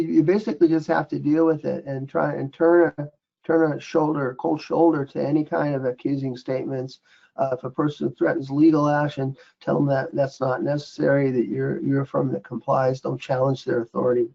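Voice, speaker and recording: Older man, slightly high voice, rambling anecdotes with lots of restarts, muffled call sound. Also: steady tone, creaky, darkish tone. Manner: rambling, halting with many restarts. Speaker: featured guest speaker, former investigator. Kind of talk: storytelling on a recorded group call. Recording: dull lo-fi call audio.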